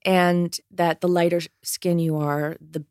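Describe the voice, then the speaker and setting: Co-host, woman with a lowish voice, dry close-mic sound, encouraging interviewer. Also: level tone, takes it slowly, a little mellow, clear, resonant tone, dry recording. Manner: supportive, frequent short affirmations. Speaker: podcast co-host. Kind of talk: interview questions, casual chat.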